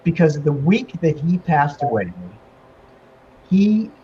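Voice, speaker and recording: A man with a fairly high, lively voice tells an emotional personal story on a talk show, full of ums and restarts. The audio is dull and lo-fi, with a faint hiss underneath. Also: slow. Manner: emotional, animated storyteller with many fillers. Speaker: guest medium and author.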